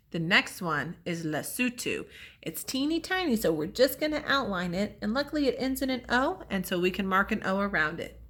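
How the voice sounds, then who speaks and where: A woman's voice: mid-range voice, bright, forceful tone. A woman teacher leading children through a memory lesson with chants and motions, upbeat and encouraging. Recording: echoey room, voice from far off.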